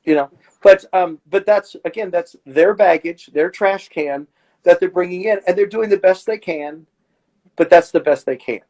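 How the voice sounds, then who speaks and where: A middle-aged man, a therapist, talking casually in an interview and telling stories with lively acted-out exchanges. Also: sits high, normal speed, low-quality recording. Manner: animated storyteller who acts out his patients' voices.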